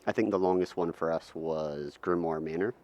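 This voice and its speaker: A man co-hosting a podcast, laying out topics in a relaxed, methodical way. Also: low voice, normal speed, lo-fi sound. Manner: relaxed, methodical, lays out segments. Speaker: podcast co-host. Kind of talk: casual chat.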